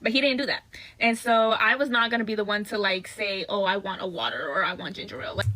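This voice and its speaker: A woman's voice: mid-range voice, fast talker, pushed and bright, low-quality recording. A young woman bluntly recounting a bad date in a casual, profane storytime. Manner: blunt, profane, exasperated retelling. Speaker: storyteller in a viral video.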